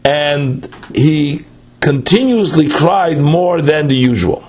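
A man's voice: a little high, lively intonation, slow, darkish tone. A man, teaching a text study lesson: he reads phrases aloud, then explains them line by line with patient questions.

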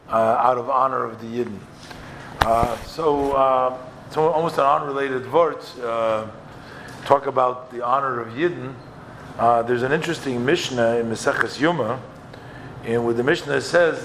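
A man's voice: mid-range voice, a bit bright, a little hiss or hum. A man teaching a Torah class, explaining texts step by step, quoting each line and then translating it.

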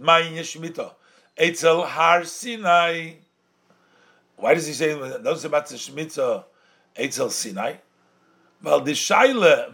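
A man with a fairly bright, high-leaning voice teaches a Torah text in a Talmudic-style study lesson. He translates each phrase and then restates it, mixing Yiddish and Hebrew terms into his English with a sing-song study cadence.

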